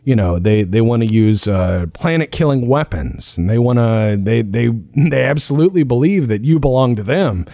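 A man hosting a podcast in loose, casual chat, his pitch swinging widely as he hops from one idea to the next. His voice is close and dry, with little room sound around it. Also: moderate pace, hardly any pauses, no room sound. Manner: animated, jumps between ideas. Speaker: podcast host.

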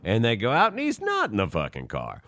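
A man's voice: on the low side, fairly quick. A man co-hosting a podcast, animatedly retelling a movie plot with plenty of swearing. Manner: animated, profane retelling with acted-out quotes. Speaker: podcast co-host recapping a movie. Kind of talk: casual chat.

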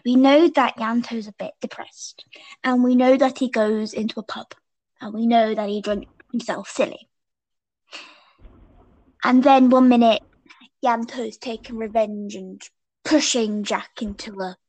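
A young woman in casual podcast chat, her voice sitting a little high. She rambles and giggles, chaining her thoughts with "and then". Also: a little mellow. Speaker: podcast co-host. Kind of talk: casual fan chat over a call.

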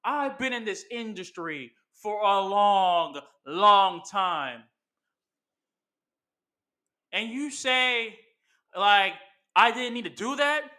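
A man playing a boastful veteran male wrestler, cutting a taunting promo in a higher, bright voice. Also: animated, takes it slowly, full character voice.

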